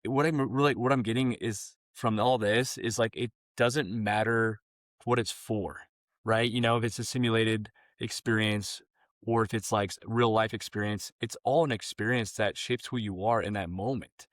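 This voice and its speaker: A man hosting a podcast, reacting excitedly and laughing, then rambling through his thoughts. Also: fairly low pitch, normal speed, dry recording, studio quality. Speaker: podcast host. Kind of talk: casual conversational interview.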